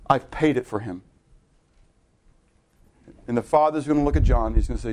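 A middle-aged man preaching a sermon, animated and conversational, asking the congregation to answer and correcting himself in loose asides. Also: medium pitch, moderate pace, long pauses. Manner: animated preaching with audience call-and-response. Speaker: pastor.

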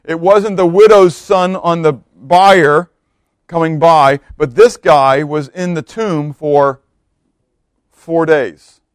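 A man preaching a sermon, swinging from loud emphatic bursts to hushed quiet lines. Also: a little high, slow pace, smooth, dry recording, clean studio sound.

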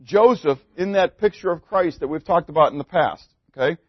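A man delivers a sermon in a slightly high voice. He swings between loud, pointed emphasis and hushed asides and keeps putting questions to his listeners. The recording is dry and a little dull. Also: normal speed, slightly rough, no room sound. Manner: asks the congregation questions. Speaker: pastor.

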